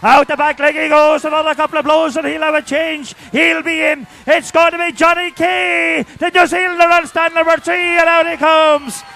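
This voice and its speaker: High sharp-voiced guy calling shearers stand by stand, pretty monotone. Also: moderate pace, hardly any pauses. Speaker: shearing commentator. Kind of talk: live sports commentary.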